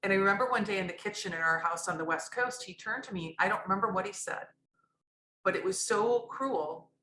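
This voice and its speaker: A woman's voice: mid-range voice, a little fast, bright, forceful tone, roomy sound, a little hiss or hum, poor audio. A woman guest telling a raw personal story in a candid, rambling way, often restarting her sentences. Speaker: podcast guest.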